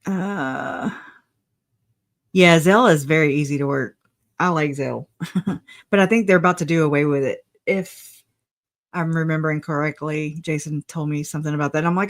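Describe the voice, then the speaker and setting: A woman's voice: sits low, normal speed, long pauses. A woman hosting a casual livestream, chatting, laughing often and greeting viewers by name. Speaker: livestream host.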